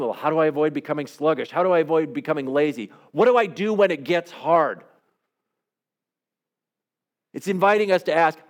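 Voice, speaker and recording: Guy preaching a sermon, chatty and earnest, voice sits a bit high. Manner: conversational, earnest, acts out quoted voices. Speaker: pastor.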